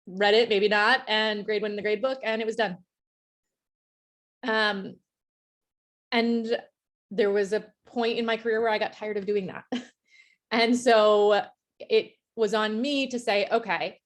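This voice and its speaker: A middle-aged woman teacher from the United States presenting a conference workshop, candid and reflective, with frequent fillers and restarts. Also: fairly high pitch.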